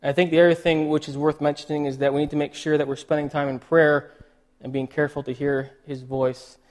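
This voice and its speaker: A male pastor giving a sermon, emotional and choked up, halting with many restarts and fillers. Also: on the high side, level tone, a little mellow.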